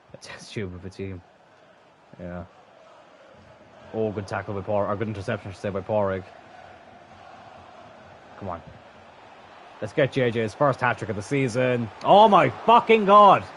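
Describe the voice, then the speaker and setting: A young man commentating his own football video game match as a streamer, swinging from calm remarks to frustrated, swearing outbursts. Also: on the low side, unhurried, long pauses, a little hiss or hum. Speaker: gaming streamer. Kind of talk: live gameplay commentary.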